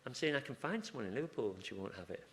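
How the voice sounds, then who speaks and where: A man's voice: mid-range voice, animated, very fast, a bit bright, slight background noise. A man giving an informal conference talk, chatty and rambling, breaking off into asides and restarting his sentences. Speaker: conference speaker. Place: conference room.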